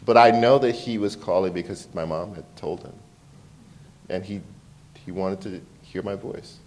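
A man, an author, telling personal stories in an interview with frequent restarts and laughter. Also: low voice. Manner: animated, laughs often, halting restarts. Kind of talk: candid conversational storytelling.

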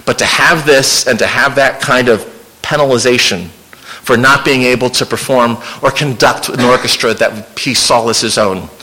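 A man's voice: medium pitch, moderate pace, sharp tone, rough recording. A man giving an informal illustrated history lecture to an audience, conversational and with wry asides. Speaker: local historian giving a slide talk.

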